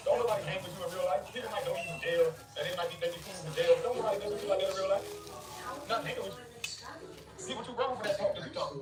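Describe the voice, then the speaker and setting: A man's voice: high-pitched, recorded from a distance. A man vlogging, ranting to camera in casual, heated, mocking trash talk. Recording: echoey, off-mic, noisy ambience.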